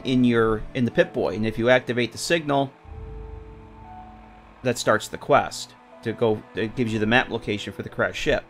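A man's voice: medium pitch, a bit bright. A man casually streaming a game, rambling with lots of fillers and chatting with viewers. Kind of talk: casual live-stream commentary.

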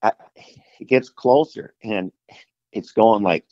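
A middle-aged man tells an outdoors story in a slow, rambling way, stopping for fillers and restarts and voicing both sides of the talk. His voice sits a little low. The sound is dull, lo-fi and dry, with no room around it. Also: darkish tone, no room sound. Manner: rambling, many fillers and restarts, acts out dialogue. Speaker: outdoorsman telling an encounter story. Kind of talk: casual storytelling interview.

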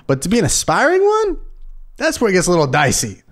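A man co-hosting a casual podcast, joking and profane, often jumping up in pitch for impressions. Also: huge pitch swings, quick pace. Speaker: podcast co-host. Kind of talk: casual chat.

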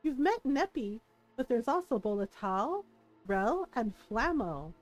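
A woman reading a gentle fairy spirit. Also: fairly high pitch, sing-song, measured pace, soft background music. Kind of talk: reading game dialogue aloud.

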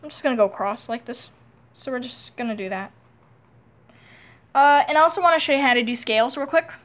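A young woman giving a casual, rambling drawing tutorial, self-deprecating and quickly frustrated with her own sketch. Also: sits high, a bit bright.

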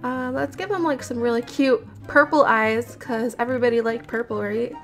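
A woman's voice: fairly high pitch, steady tone, moderate pace. A woman commentating as she builds in a game, chatty, nervous and giggly as she talks to her viewers. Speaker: gamer. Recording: game audio with background music. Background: background music.

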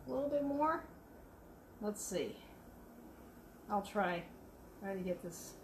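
Slow, chatty woman potter. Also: mid-range voice, expressive, noisy background. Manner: chatty, playful, talking while she works. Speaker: potter teaching on a livestream. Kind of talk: live demo talk while working at the wheel.

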